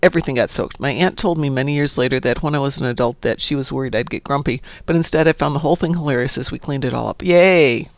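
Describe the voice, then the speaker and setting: A woman's voice: extremely low pitch, racing, few pauses, no echo. A woman streaming a game, chatting casually, telling stories and cheering at the game. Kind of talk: casual chat while gaming.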